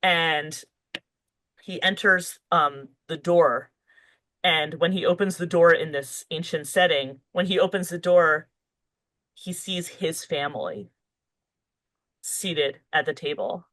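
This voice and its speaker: Speaking slowly and pausing often, a woman with a low, somewhat bright voice is interviewed as an author on a podcast. She thinks out loud, loose and full of fillers and restarts, on a low-quality recording.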